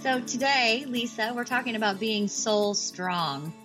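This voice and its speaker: Higher-voiced woman host over music. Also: a little slow. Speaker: podcast host. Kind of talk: scripted show intro and interview questions. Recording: music playing behind the voice.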